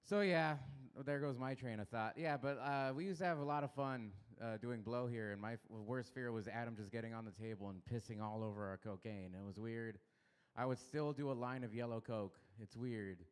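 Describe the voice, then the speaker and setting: A man's voice: mid-range voice, a little fast, clear, resonant tone. A young man doing a rambling, self-deprecating stand-up set in a small comedy club. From Los Angeles area.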